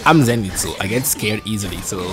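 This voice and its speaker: Excitable man narrating his own gameplay. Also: medium pitch, a little slow, over music. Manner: excitable, jumpy, talks to himself while playing. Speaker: gameplay streamer. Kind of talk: live gameplay commentary.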